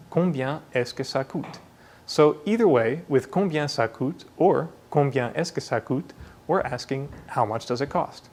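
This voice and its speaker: A man teaching French in a clear, explanatory way, modeling pronunciations. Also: mid-range voice, darkish tone. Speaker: language teacher. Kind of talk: scripted lesson narration.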